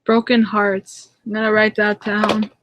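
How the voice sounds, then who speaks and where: Chatting with viewers through her webcam, this young channel host answers comments in a relaxed at-home live stream, giggling a lot and restarting sentences amid many fillers. Her pitch is medium and monotone, her pace a little slow, her tone a bit bright, with slight background noise.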